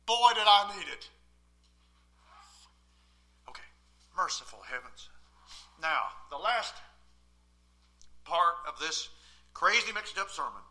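A male pastor preaching a sermon from the pulpit in a church, swinging between loud emphatic outbursts and quiet asides. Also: fairly high pitch, sing-song, slow, pauses often.

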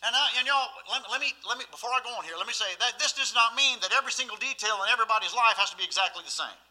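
A man delivers a sermon in a high voice with a piercingly bright, tense edge. He preaches in a folksy, emphatic way and keeps asking the congregation rhetorical questions. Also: rapid-fire, rough recording.

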